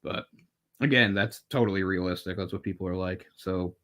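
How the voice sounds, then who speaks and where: A man's voice: low voice, normal speed, fairly bright tone. A man co-hosting a podcast, chatting casually and wryly about a film, rambling and swearing now and then. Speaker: podcast co-host.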